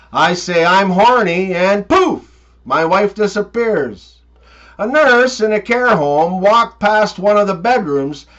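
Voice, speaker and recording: A man telling one-liners and short jokes as a comedian, with quick punchline delivery. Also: sits high, a bit bright, lo-fi sound.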